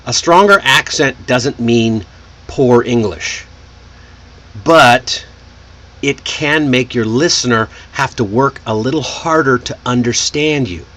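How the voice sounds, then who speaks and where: A man from Texas, teaching an online English pronunciation lesson. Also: mid-range voice. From Texas, United States. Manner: slow, lively, animated delivery.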